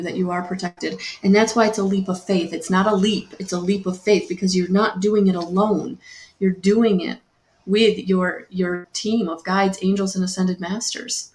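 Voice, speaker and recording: A woman giving a slow, soothing spiritual guidance talk on a live stream, repeating her phrases and greeting viewers by name. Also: lowish voice, a little mellow, reverberant.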